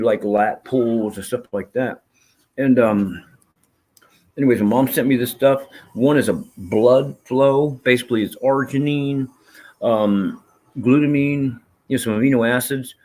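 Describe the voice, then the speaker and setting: A man's voice: medium pitch, darkish tone, breathy edge. A man hosting a live stream, chatting casually and profanely with his viewers, rambling from topic to topic. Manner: rambling, profane, reads chat aloud.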